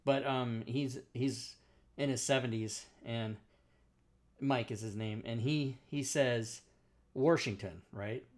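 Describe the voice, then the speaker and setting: Casual storytelling man, relaxed pitch. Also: slow. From Spokane, Washington, USA. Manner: storytelling, acting out quoted exchanges. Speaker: talk show host. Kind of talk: casual chat.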